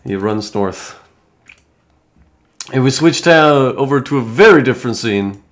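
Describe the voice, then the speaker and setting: A man's voice: mid-range voice, lively intonation, a little slow. A man narrating as game master of a tabletop game, loose and profane, often restarting sentences.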